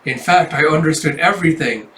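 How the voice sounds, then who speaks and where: A man voicing a cheerful, scatterbrained little schoolgirl in a high, slow, chirpy voice while reading a comic aloud. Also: bright, forceful tone. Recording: roomy, distant mic.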